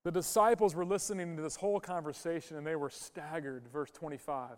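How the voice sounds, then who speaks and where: A man's voice: fairly high pitch, a little fast, few pauses, darkish tone, in a large hall. A man preaching a sermon to his church, emphatic and full of rhetorical questions aimed at the congregation. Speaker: pastor. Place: church sanctuary.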